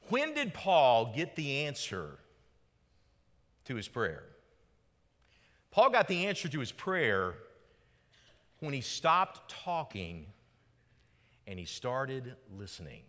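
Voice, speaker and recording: Male preacher, fairly high voice, rhetorical swings from loud to hushed, long hall reverb. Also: huge pitch swings, slow, long pauses. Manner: dramatic swings from loud rhetorical questions to low quiet emphasis. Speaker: pastor. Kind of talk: sermon.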